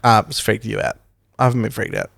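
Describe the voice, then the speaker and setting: A man's voice: on the low side, fairly even intonation, quick pace, gravelly, fairly bright tone, no echo. A man co-hosting a casual parenting podcast, with a dry, laid-back and teasing way of talking. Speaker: podcast co-host.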